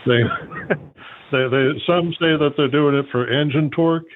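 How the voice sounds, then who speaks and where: A man's voice: a little high, fairly even intonation, moderate pace, a little hiss or hum. A man hosting a call-in show, explaining things at length with many fillers. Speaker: host. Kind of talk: call-in radio talk. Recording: phone-like narrow sound.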